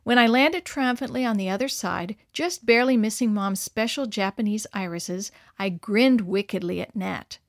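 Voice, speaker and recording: A woman reading a story aloud to children in a cheerful, expressive storybook manner. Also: mid-range voice, moderate pace, hardly any pauses, no echo, studio quality.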